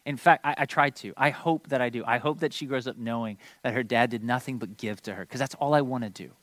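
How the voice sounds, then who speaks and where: A man's voice: medium pitch, fast talker, fairly bright tone, dry recording. A man in his thirties preaching a sermon, telling a family story with playful asides to the congregation. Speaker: pastor.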